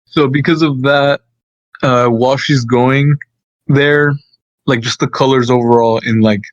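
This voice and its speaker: A young man co-hosting a casual podcast, talking haltingly and laughing often. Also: mid-range voice, fairly even intonation, dry recording. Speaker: podcast co-host. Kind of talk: casual chat. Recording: dull lo-fi dry mic.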